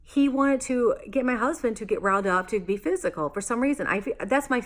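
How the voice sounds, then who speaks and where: A woman's voice: fairly high pitch, fairly quick. Exasperated woman ranting about a neighbor. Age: adult, married homeowner. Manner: exasperated, rambling with fillers and restarts. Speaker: vlogger. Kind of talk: casual storytelling rant.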